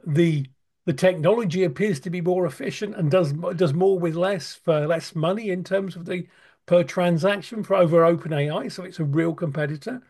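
A man's voice: high-pitched, darkish tone. A British man co-hosting a casual tech chat stream, joking and restarting his sentences. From United Kingdom. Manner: chatty, restarts sentences, quick to joke. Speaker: co-host.

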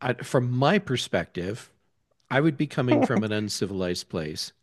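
A man hosting a casual chat stream, with a halting delivery full of fillers and dry jokes. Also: medium pitch, expressive. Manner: slow and halting, many fillers, dry humor. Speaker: host.

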